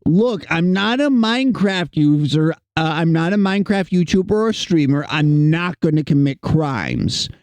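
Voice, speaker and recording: Playful animated male streamer. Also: a little high, measured pace, hardly any pauses, no echo. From United States. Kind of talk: casual chat with chat.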